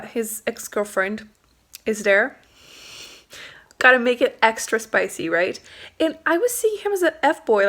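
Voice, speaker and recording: A woman's voice: fairly high pitch, a bit bright. A young woman book vlogger chatting casually, giggly and full of fillers. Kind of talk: casual reading vlog chat.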